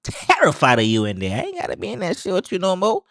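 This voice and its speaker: A frightened young man pleading to get away, rushed and rising high, as a reaction host puts him on. He sounds desperate and breathless. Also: huge pitch swings, creaky, a bit bright, dry recording, studio quality, exaggerated voice. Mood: scared. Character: scared young man fleeing an ex-partner.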